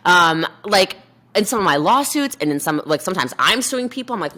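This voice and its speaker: A woman guest on a podcast interview, talking fast and animated, acting out quoted voices. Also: mid-range voice. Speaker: podcast guest, network marketer. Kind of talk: energetic interview talk.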